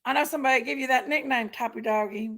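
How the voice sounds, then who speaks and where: High-voiced chatty woman. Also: a little fast, heavy background noise. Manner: chatty, reads viewer names aloud and laughs often. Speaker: livestream host. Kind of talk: casual livestream chat.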